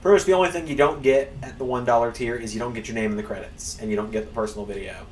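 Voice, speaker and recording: A man's voice: mid-range voice, very fast, a little mellow, far from the mic. A man hosting a stream, chatting in a rambling, casual way while he plays. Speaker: streamer and channel host. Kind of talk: casual gameplay commentary. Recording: roomy, off-mic, faint background hum.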